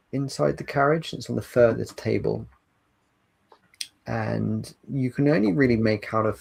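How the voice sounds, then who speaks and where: A man narrating as game master, setting scenes in an unhurried, descriptive way. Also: medium pitch, vocal fry, a little mellow, slightly rough, low-quality recording.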